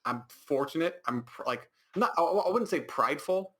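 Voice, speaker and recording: A man's voice: fairly high pitch, lively intonation, moderate pace, fairly bright tone. A man with an American accent co-hosting a casual podcast, rambling with many fillers and restarts. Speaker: podcast co-host. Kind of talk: casual chat.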